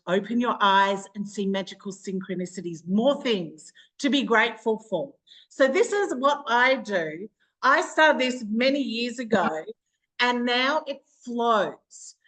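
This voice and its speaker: A bubbly Australian woman runs a live online training session as a business coach. She talks in a chatty, warm-hearted run and breaks into laughter often. Her voice comes through a video call. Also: a little high, low-quality recording.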